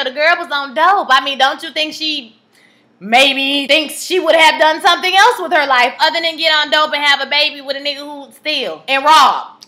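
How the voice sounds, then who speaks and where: Sassy lady chatting her show recap, high and bright. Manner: chatty, sassy, talks to viewers directly. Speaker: TV recap vlogger. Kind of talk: casual chat.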